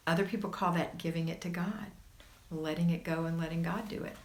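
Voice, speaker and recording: A homemaking livestream host, a woman, reads viewer comments aloud and reassures her audience in a chatty, casual way. Her voice sits low and steady, and she talks briskly.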